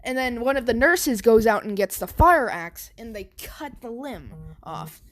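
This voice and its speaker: Rambling high-voiced young woman storyteller. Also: animated, unhurried. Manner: rambling, full of fillers and self-corrections. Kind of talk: casual rambling story narration.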